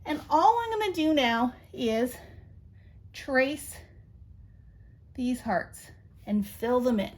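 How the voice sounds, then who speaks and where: A woman's voice: high-pitched, very animated, takes it slowly, pauses often. A middle-aged woman hosting a craft tutorial, chatty and reassuring as she gives practical tips step by step.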